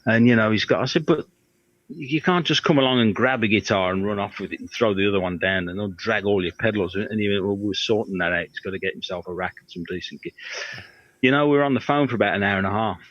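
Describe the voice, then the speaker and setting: In a casual interview, a middle-aged guitar tech from Birmingham, England spins meandering stories and imitates the people in them. His pitch is fairly low, his delivery fast and a bit bright. There's no echo, and the audio is dry and slightly dull.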